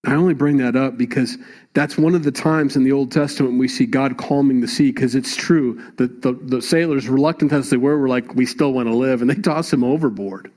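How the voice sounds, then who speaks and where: Pastor, man, mid-pitched, chatty sermon delivery with emphatic swells. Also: brisk, a little mellow. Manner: conversational preaching, rising emphatic at times.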